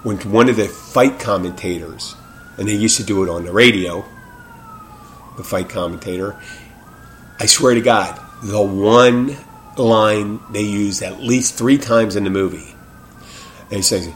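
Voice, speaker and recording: A man hosts his own podcast as a casual solo monologue, rambling, cutting himself off and restarting sentences, speaking frankly with the odd curse. His voice is lowish and his pace moderate. A slight hiss or hum is present.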